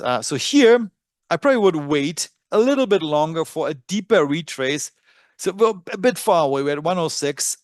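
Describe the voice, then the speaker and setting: The clean studio sound carries no echo as a German-accented man with a fairly high pitch leads a live trading webinar via screen share. He keeps it casual, musing aloud and dropping frequent fillers.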